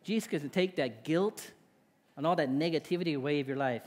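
A man's voice: a little high, brisk, long reverb tail. A male pastor preaching a sermon in a conversational way, often checking in with "right?". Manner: conversational, with tag questions.

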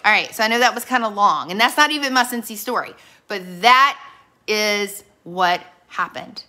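Speaking at a moderate pace with lively intonation, a middle-aged woman in charge of a direct sales team delivers a motivational training. Her mid-range voice is bright and forceful, and she talks directly to her audience through earnest stories laced with quoted dialogue.

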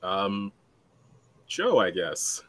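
Bright, lively man chatting casually. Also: low voice, drawn-out words. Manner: rambling, self-deprecating, laughs often. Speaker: player. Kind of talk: casual chat.

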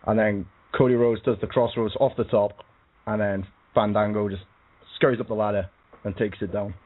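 A man on a radio panel, speculating in a relaxed, casual way. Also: on the low side, normal speed. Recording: phone-line audio.

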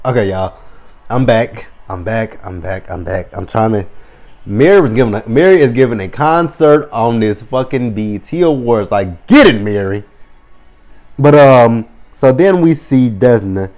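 A man's voice: medium pitch, lively intonation, unhurried, a little mellow. A man in his thirties casually recapping a TV episode, swearing freely and acting out the characters' lines. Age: 30s. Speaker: TV episode reviewer.

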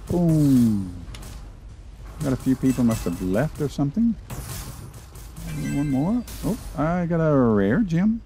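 A man's voice: a little high, big pitch swings, slow, pauses often, mellow, soft background music. A man from Arkansas with a Southern accent, giving playful, jokey commentary as the host of his gaming channel. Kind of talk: casual gameplay commentary.

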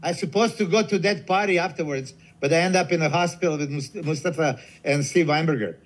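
Excitable man telling a story. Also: a little high, fairly quick, faint music behind, rough recording. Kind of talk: casual chat.

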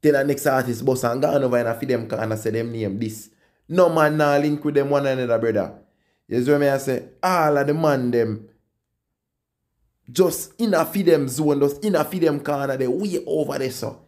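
Jamaican man doing casual commentary. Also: normal speed. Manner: repeats "you see me I say" often, lively rises in pitch. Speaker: entertainment channel host.

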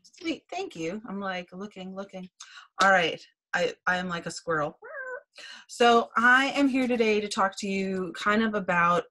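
A woman's voice: low voice, sharp tone, poor audio. A chatty, bubbly woman giving a blunt training talk as a team director on a video call. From Wisconsin, USA.

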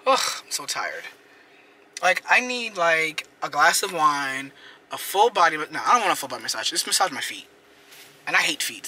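A man's voice: on the high side, bright, forceful tone, slight background noise. A man chatting casually while he drives, rambling with lots of fillers. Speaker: vlogger. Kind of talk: casual vlog chat while driving. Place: in his car.

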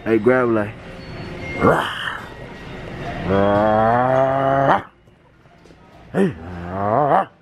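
A man with a St. filming a loud, joking vlog while shopping with his wife, teasing and laughing often. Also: mid-range voice, drawn-out words, long pauses, slight background noise. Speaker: vlogger, husband. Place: Walmart store, then parking lot.

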